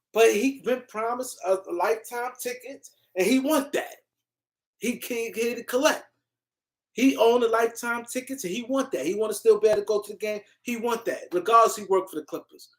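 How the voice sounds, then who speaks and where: A woman's voice: on the high side, moderate pace. A woman hosting a live-stream sports show, ranting in a heated, argumentative way and repeating her points. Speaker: sports commentary host.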